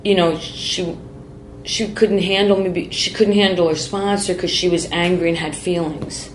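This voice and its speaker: A woman's voice: lowish voice, fairly even intonation, moderate pace, reverberant, a little hiss or hum. A middle-aged woman comedian as a podcast guest, telling stories bluntly with profanity and acting out what people said. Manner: blunt, profane storyteller who acts out quotes. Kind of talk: casual interview chat.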